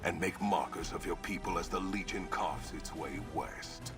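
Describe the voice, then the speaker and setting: An actor playing a brutal, menacing warlord in a video game, speaking in a gravelly half-whisper. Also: male voice, low-pitched, normal speed, close to an everyday voice. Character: brutal masked male warlord, menacing, older. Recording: game audio under music.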